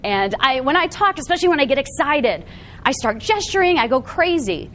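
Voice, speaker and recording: A woman giving a live seminar talk to an audience in a meeting room, animated and often checking in with the room. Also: high voice, fairly quick, slight background noise. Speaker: workshop presenter.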